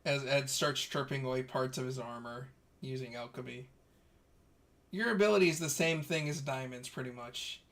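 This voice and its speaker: A man running a tabletop role-playing game as game master, narrating the scene in a relaxed way with restarts. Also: medium pitch, normal speed. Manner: relaxed storytelling with fillers and restarts.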